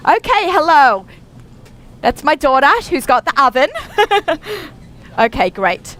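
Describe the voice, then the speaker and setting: A woman's voice: high-pitched, sing-song, measured pace, fairly bright tone. A middle-aged woman from Australia hosting a radio show, chatting in a bubbly way with many fillers, recorded live in a busy store. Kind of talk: casual chat. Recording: faint store noise behind.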